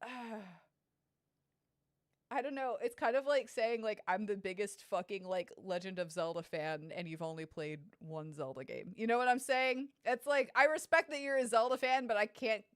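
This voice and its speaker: A young woman streaming a game, chatting casually, excitable and sarcastic, swearing freely. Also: a little high, moderate pace, no room sound, clean studio sound. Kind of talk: casual gaming commentary. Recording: game music underneath. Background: game music.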